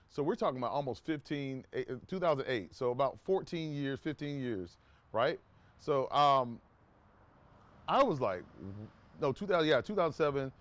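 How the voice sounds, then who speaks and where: A man's voice: medium pitch, dry recording. A man casually telling a personal story to his viewers, rambling with restarts and asides, and acting out quoted talk in a raised voice. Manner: acts out quoted dialogue in a raised voice.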